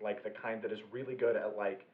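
A man's voice: on the low side, little pitch movement, a little fast. A man chatting enthusiastically about his group's tabletop game, swearing casually. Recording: tinny and echoey.

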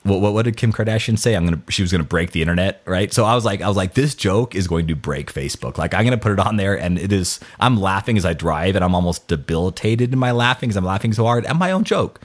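A man's voice: deep voice, expressive, quick pace, few pauses. A man talking casually about scripture and his own failings, self-deprecating, with many false starts and restarts. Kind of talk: casual faith talk.

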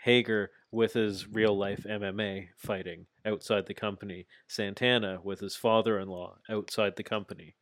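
Male podcast co-host, low voice, dry close sound, animated storyteller. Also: normal speed, hardly any pauses, no room sound. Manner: animated retelling, acts out quotes. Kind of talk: casual wrestling chat.

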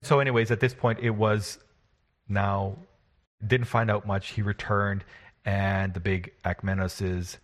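A man's voice: lowish voice, flat delivery, a little slow. A man who is the game master, recapping a tabletop session in a casual, rambling, self-deprecating way.

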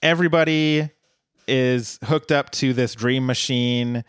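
A man's voice: mid-range voice, unhurried, clean tone, no room sound. A man co-hosting a podcast, recapping an episode in casual, dry chat. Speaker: podcast co-host.

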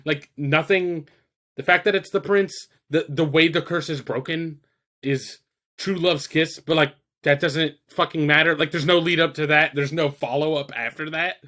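A man with a fairly high, steady, bright and forceful voice speaks at a moderate pace. Co-hosting a podcast, he chats casually about films, rambling and profane, with plenty of fillers and quoted asides.

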